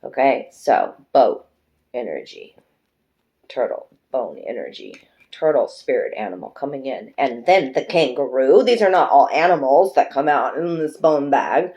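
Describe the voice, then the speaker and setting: A woman's voice: very deep voice, expressive, a little slow, dark tone, muffled recording. A woman doing a pick-a-card tarot reading, chatty and emotional, who swears freely and speaks fondly to her viewers. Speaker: tarot reader.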